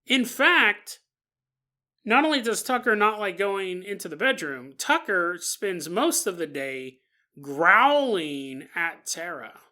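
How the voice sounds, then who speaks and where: Bright-voiced woman telling a spooky story. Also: mid-range voice, sing-song, slow. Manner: chatty and joking, acting out the people in the story. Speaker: podcast host. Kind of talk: casual paranormal story narration.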